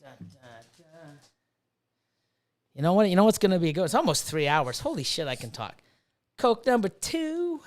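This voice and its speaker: A man's voice: fairly high pitch, animated, a little fast, long pauses. Profane ranting fifty-year-old man. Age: 50s. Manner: profane, ranting, reads chat aloud. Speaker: livestream host and snake breeder. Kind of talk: casual livestream chat.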